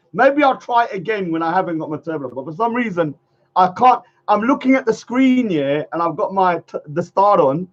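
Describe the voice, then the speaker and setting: Rambling high-voiced man on a lo-fi stream. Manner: rambling, laughs often, trails off mid-sentence. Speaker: livestream host. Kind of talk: casual livestream chat. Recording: dull lo-fi stream audio.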